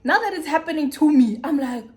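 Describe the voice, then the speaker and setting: A young woman with a South African accent, telling a personal story in a casual, animated way with big swings in pitch. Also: a little fast. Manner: animated, dramatic retelling with swooping pitch. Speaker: YouTuber.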